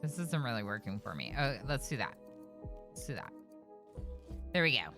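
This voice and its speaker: A woman's voice: a bass voice, sing-song, moderate pace, over music. A young adult woman streaming a game live, chatting with viewers and reacting aloud to the play.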